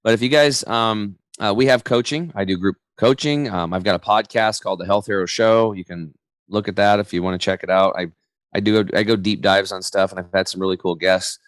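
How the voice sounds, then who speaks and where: A man's voice: fairly low pitch, a little fast, no room sound. A man in his forties, a podcast guest and health coach, chatting casually and acting out quotes as he tells stories. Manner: energetic storyteller, slangy, acts out quotes. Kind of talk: casual interview chat.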